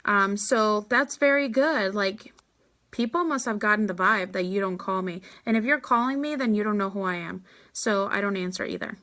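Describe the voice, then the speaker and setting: A network marketing leader answers viewer questions in a casual live Q&A. Her medium-pitched voice is pushed and bright, and she is chatty and blunt, with quick asides, often acting out what she says to people.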